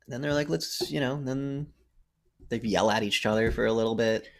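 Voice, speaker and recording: A man co-hosting a podcast, casually retelling a film's plot with animated acted-out quotes. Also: medium pitch, normal speed, vocal fry. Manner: animated storytelling, acts out quotes. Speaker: podcast co-host. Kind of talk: casual movie recap chat.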